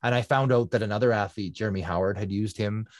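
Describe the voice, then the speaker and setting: A man with a fairly low voice recounts his life as a guest, earnest and reflective. He circles back and repeats phrases to press a point. The sound is dry and close, with little room around it. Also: quick pace, darkish tone, no room sound. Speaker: guest, endurance athlete. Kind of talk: reflective conversational storytelling.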